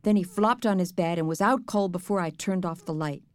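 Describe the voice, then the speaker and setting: A woman narrating a children's book in the first person with an even storytelling delivery. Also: lowish voice, brisk, smooth, no room sound. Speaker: audiobook narrator.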